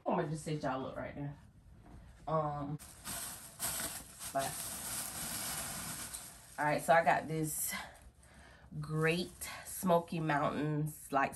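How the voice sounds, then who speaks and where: Young woman vlogging at home on her phone, lowish voice, playful and chatty, calls everybody baby. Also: steady tone, extremely slow, long pauses, fairly bright tone, a little hiss or hum. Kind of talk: casual chat to camera. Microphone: phone camera.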